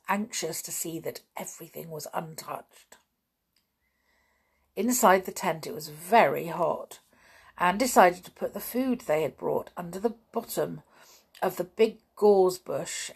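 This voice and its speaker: Slow, gravelly-voiced woman reading a story. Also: lowish voice, lively intonation. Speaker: audiobook narrator. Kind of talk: reading a children's novel aloud.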